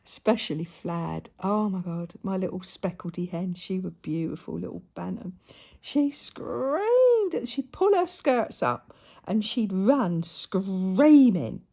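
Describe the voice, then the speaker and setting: A woman's voice: medium pitch, big pitch swings, slow pace, vocal fry, dark tone. A woman casually telling a story while she sews, chatty and laughing often. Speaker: crafter and vlogger. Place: at home in front of a camera.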